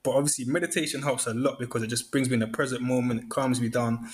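A man's voice: mid-range voice, steady tone, fast talker. A man chatting casually, acting out his inner thoughts in quoted asides. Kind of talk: casual chat.

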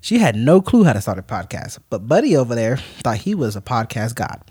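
A man co-hosting a podcast, telling a story in an animated, mock-angry rant. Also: medium pitch, fairly quick, slightly rough, no room sound. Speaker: podcast co-host. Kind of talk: casual podcast chat, storytelling.

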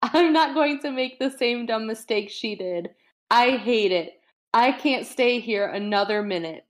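A woman's voice: on the high side, animated, unhurried. A woman voicing a teenage girl desperate to run away, in an emotional read-aloud. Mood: anguished.

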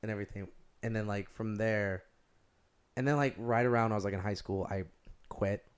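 A young man telling stories in a rambling, animated way, using "like" over and over. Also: on the low side, fairly quick, smooth. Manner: rambling, heavy use of "like", animated storytelling. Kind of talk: casual chat.

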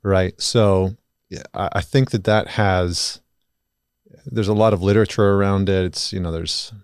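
Candid low-voiced man, podcast guest. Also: steady tone, unhurried, smooth, no room sound, studio quality. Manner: candid, blunt, swears casually. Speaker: podcast guest, men's work facilitator. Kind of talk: casual podcast conversation.

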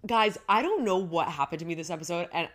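A woman co-hosting a casual chat podcast, animated, laughing often and restarting her sentences. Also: fairly low pitch, fast. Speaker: podcast co-host.

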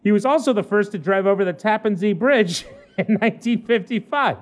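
This podcast co-host has a high voice and talks a little fast. He's joking while reading a strange news item out loud on a laid-back talk show, stumbling over the words.

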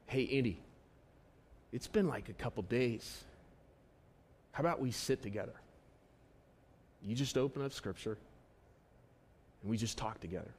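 A man whispering as God's gentle inner voice. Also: a little hiss or hum, lightly acted. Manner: soft, coaxing, low, nudging. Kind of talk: whispered role-play.

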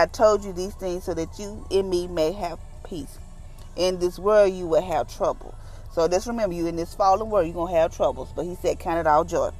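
A woman giving a casual daily devotion, talking in a relaxed, down-to-earth way and acting out the voices she quotes. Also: on the low side. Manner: conversational, acts out quoted voices; informal, down-to-earth phrasing. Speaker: devotional speaker.

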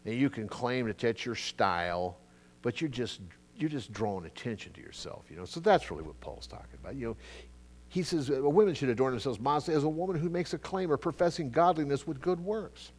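A middle-aged male pastor teaching a sermon in a casual, conversational way, jumping between loud emphatic bursts and quiet asides, with frequent restarts. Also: medium pitch, animated, a little fast.

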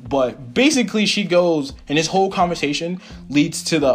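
A young man hosting his own podcast, telling a personal story in a rambling, animated, profane way with lots of fillers. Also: fairly high pitch, moderate pace. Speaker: podcast host. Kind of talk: casual solo storytelling.

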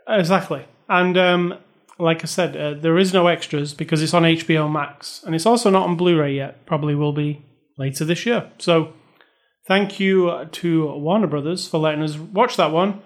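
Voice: mid-range voice, normal speed. Casual podcast co-host, easygoing, reviewing films. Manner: relaxed, reads reviews aloud, gives recommendations. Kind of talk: casual movie review chat.

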